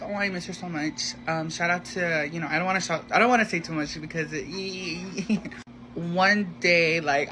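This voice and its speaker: A man telling a gossipy storytime in a casual, animated way, acting out the voices of the people in it. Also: high-pitched. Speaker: storyteller in a social media clip. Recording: noisy background.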